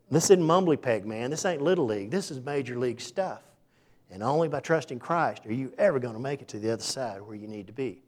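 Male pastor, folksy sermon delivery, swings from hushed to loud, mid-range voice. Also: mid-range voice, expressive, fairly quick. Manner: folksy, conversational preaching with sudden loud bursts and hushed asides.

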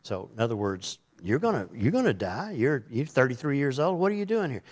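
A man's voice: medium pitch, very animated, a little fast, darkish tone. A man preaching a sermon in a conversational way, reading scripture aloud and acting out the voices in it. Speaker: pastor.

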